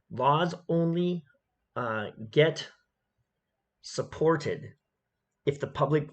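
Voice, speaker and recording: A man's voice: a little high, a little mellow. A man giving opinionated commentary on a video clip, emphatic and repetitive, often checking in with "okay?".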